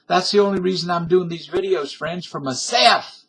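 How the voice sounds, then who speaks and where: A man's voice: high voice, normal speed, a bit bright, slightly rough. A middle-aged man from Canada giving a defiant, blustering comic rant to his webcam, tough-talking and profane. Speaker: vlogger. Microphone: webcam microphone.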